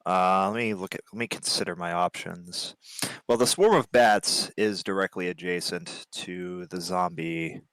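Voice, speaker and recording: Low-voiced man weighing his options. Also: fairly even intonation, a bit bright, clear, resonant tone, no room sound. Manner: deliberate, thinking aloud. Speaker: player. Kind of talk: casual tabletop play.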